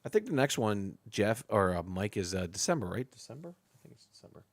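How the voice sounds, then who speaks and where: A low, gravelly male voice that swings up and down a lot as he chats. He's a live stream host talking loosely and laughing, with swearing thrown in. The sound is dry and close, with no room around it. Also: big pitch swings, fairly quick, no room sound. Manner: loose, laughing, swears freely, talks to chat. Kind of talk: casual live stream chat.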